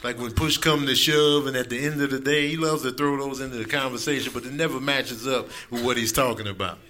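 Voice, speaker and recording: A man in his thirties doing an animated stand-up comedy set on a club stage, acting out other people's voices. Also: medium pitch, a little fast. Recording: live recording with audience noise.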